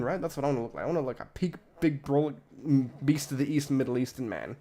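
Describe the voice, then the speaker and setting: A man's voice: medium pitch, animated, quick pace, hardly any pauses, a little mellow. Rambling, foul-mouthed Australian man. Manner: rambling, profane, self-interrupting. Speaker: streamer. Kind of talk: casual live-stream commentary.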